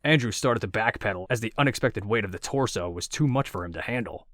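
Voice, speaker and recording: The speaker is a male audiobook narrator whose voice is lowish and whose reading is steady and measured. Recorded close and dry, the clip has no room echo.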